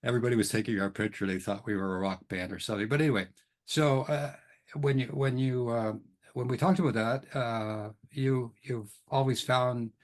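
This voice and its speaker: A man's voice: mid-range voice, steady tone, moderate pace. A man hosting an interview, talking in a hesitant way with many restarts and fillers. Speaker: interview host. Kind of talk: conversational interview.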